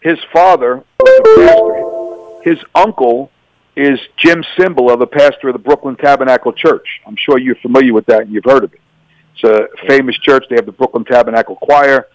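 A man's voice: mid-range voice, moderate pace, no room sound, faint music behind, poor audio. A middle-aged man, a former police officer, giving personal testimony in an interview and acting out remembered dialogue with energy. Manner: animated, acts out remembered dialogue.

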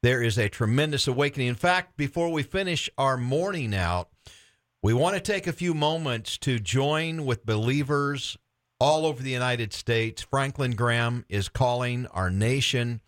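A man's voice: mid-range voice, a bit bright. A middle-aged man from Florida hosting a Christian radio talk show, upbeat and enthusiastic, laughing often and restarting his sentences.

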